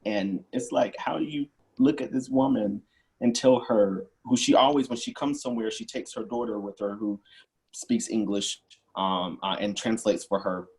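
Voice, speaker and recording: A man's voice: on the low side, moderate pace, a little mellow. A man, a nurse, talking thoughtfully on a webinar panel with some hesitant fillers. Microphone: video call.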